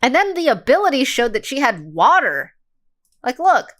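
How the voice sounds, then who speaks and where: A woman's voice: sits high, sing-song, moderate pace, a bit bright. A young woman streamer reacting to a game video in casual, sarcastic chat, swearing freely.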